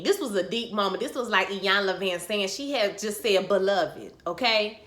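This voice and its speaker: A woman recapping a TV episode in a casual vlog, animated and slangy, acting out the characters' lines. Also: on the high side, moderate pace, few pauses. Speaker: TV recap host. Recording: echoey room.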